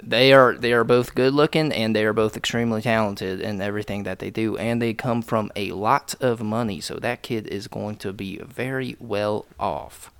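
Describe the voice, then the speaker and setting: Low gravelly guy doing a fake country drawl on a podcast, smooth and dry sound. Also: fairly even intonation, moderate pace, hardly any pauses, no room sound. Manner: putting on a joking country accent; loose, swearing banter. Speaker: podcast co-host. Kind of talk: casual chat.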